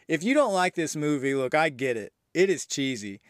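A man's voice: on the high side, big pitch swings, normal speed, no echo, clean studio sound. A man hosting a movie review podcast, recapping a horror film in a loose, enthusiastic way with frequent fillers and the odd swear.

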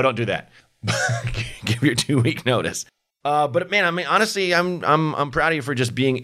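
Male comedy podcast host, thirties, slightly low voice, chatty and self-mocking. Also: a bit bright. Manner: rambling, self-deprecating, many fillers and restarts. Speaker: advice call-in podcast host. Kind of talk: casual comedic podcast chat.

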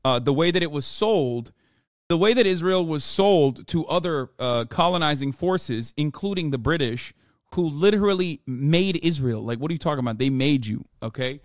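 A man streaming live, reacting to a clip with sarcastic, profane commentary that often erupts into shouted rants. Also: fairly high pitch, expressive, normal speed, no room sound, clean studio sound.

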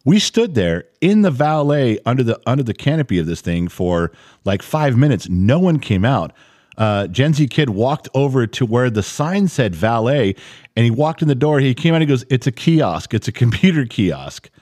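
A middle-aged man co-hosting a podcast, telling stories in a blunt, animated way and swearing now and then. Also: mid-range voice, moderate pace, dry recording, clean studio sound. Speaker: podcast co-host. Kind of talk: casual chat.

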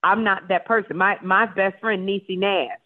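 A woman guest in a casual interview, telling stories with animated energy and acting out voices. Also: mid-range voice, normal speed, no echo. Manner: animated storyteller, acts out voices. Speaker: talk show host guest. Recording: tinny phone line.

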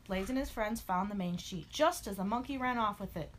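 A woman narrating a children's storybook aloud in an expressive, animated way. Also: medium pitch, fairly quick, few pauses, slight background noise.

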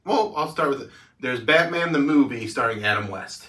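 A man's voice: mid-range voice, lively intonation, moderate pace, sharp tone, roomy sound, distant mic. A man hosting a podcast in a casual, rambling way, laughing and using many fillers. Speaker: podcast host. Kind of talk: casual chat.

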